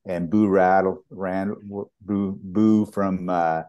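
Deep-voiced man telling stories. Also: slow pace, highs cut off. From Canada. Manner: animated storyteller, acts out quoted dialogue. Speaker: property master, guest. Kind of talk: anecdotal storytelling in an interview.

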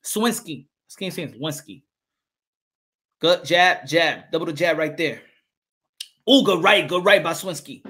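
A man calling a boxing fight live as channel host, excitable, repeating his calls and swearing. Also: fairly high pitch, measured pace, long pauses.

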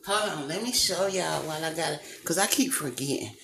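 This vlogger's voice sits low, a little fast, creaky and sharp in tone, with slight hiss or hum. She rambles casually to her viewers, calling them "y'all," from a kitchen with the lights off, in an echoey room with faint background ambience.

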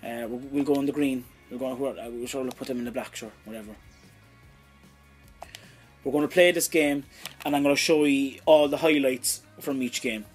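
A young Irish man commentating his own video game play, excitable and swearing freely, shouting at big moments. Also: mid-range voice, moderate pace, faint music behind. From Ireland. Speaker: gaming YouTuber.

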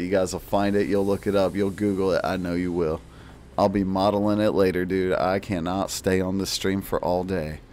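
A man's voice: sits low, darkish tone, a little hiss or hum. A man doing parody streamer commentary over gameplay, boastful and mock-serious, full of jokey slang. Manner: jokey slang-filled patter. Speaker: gaming video creator.

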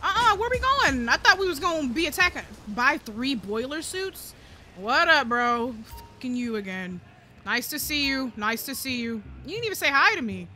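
A woman doing casual let's-play commentary, loud and playful, swearing often and talking to viewers and the game characters. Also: high-pitched, sing-song, moderate pace. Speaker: gaming streamer. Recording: game audio and music behind.

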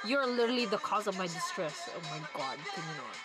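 A woman's voice: mid-range voice, lively intonation, fast talker, over a noisy crowd, rough recording. A young woman reacting to a music video, gushing and flustered, with music playing behind her. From Canada. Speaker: reaction vlogger.

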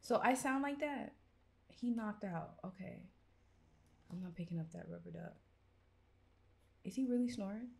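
A young woman, reacting loudly and profanely while playing a horror game. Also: medium pitch, moderate pace, creaky, pauses often, slight background noise. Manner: loud, profane, exasperated reactions. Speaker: gaming YouTuber.

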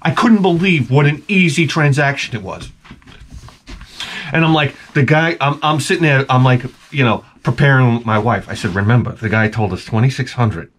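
A man's voice: medium pitch, moderate pace. A middle-aged man vlogging, telling rambling, profane stories in a casual monologue. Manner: rambling, profane, animated storytelling.

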